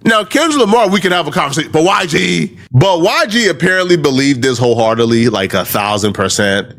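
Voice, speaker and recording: A man giving commentary, laying out his point step by step in an animated way. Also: a little high, a little fast, gravelly. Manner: animated, explains step by step, breaks into laughter. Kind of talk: explanatory commentary.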